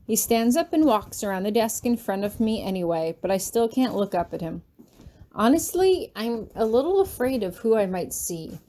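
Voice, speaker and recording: Woman narrator for a read-aloud story, first person, warm mellow voice, steady and even. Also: mid-range voice. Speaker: fanfiction reader.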